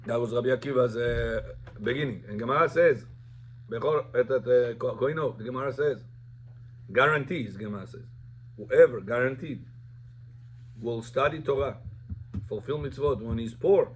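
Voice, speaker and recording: A man's voice: mid-range voice, moderate pace, pauses often, lo-fi sound, slight background noise. A man, a rabbi, teaching a Talmud lesson informally, telling the story and mixing Hebrew terms into plain English.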